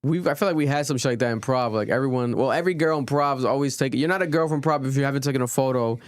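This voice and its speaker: A young man hosting a podcast in casual, rambling chat, swearing often and getting animated. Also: mid-range voice, rapid-fire, no room sound, clean studio sound. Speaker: podcast host. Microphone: studio podcast mic.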